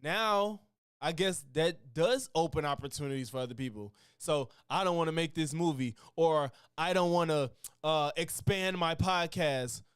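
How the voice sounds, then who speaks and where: A man reacting to a podcast on a live stream, talking with a high, lively voice. He thinks out loud, stops and restarts, and uses a lot of slang. His tone is casual and relaxed throughout. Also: normal speed, clear, resonant tone, no echo, studio quality.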